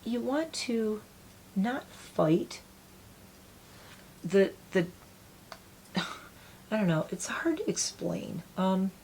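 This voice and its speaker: A woman's voice: medium pitch, lively intonation, extremely slow, long pauses, a little mellow, slight background noise. A woman in her forties chatting casually as she does her makeup, rambling and self-deprecating. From United States. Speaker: beauty vlogger. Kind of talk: casual get-ready-with-me chat.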